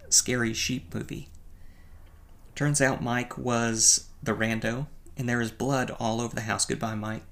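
A man with a gravelly, creaky voice at a middle pitch talks through a movie review. His delivery is casual and wry, and he pokes fun at himself with a chuckle. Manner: wry, playfully self-mocking, with chuckles and stumbles. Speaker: film reviewer.

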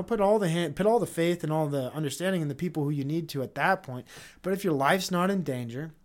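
A man's voice: fairly high pitch, a little mellow. A man hosting a solo podcast, ranting off the cuff with heavy profanity and frequent restarts. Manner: profane, heated, rambling with restarts. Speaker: podcast host. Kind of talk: unscripted stream-of-consciousness rant.

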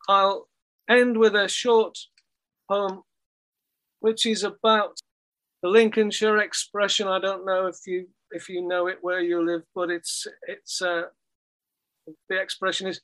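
A man reading his own poetry aloud, pausing for casual conversational asides between poems. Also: sits high, little pitch movement, fairly bright tone. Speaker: poet.

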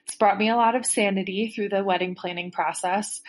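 A woman's voice: mid-range voice, steady tone. Earnest American woman leaving a message. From Denver, USA. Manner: earnest, thoughtful, measured with fillers.

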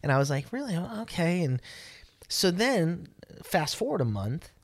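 A man's voice: fairly high pitch, moderate pace. A man co-hosting a podcast, telling a story in casual chat and acting out what people said. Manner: animated storyteller, acts out quotes. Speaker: podcast co-host.

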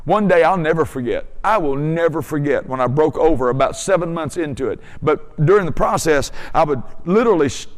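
A man's voice: fairly high pitch, animated, a little fast, hardly any pauses, in a large hall. A man preaching a testimony sermon with fervent, emphatic storytelling.

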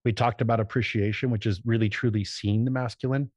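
A man's voice: mid-range voice, steady tone, fast talker, a little mellow, no echo. A man talking as a podcast guest in casual conversation, rambling and searching for words, often acting out little quoted scenes. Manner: acts out voices in quoted examples.

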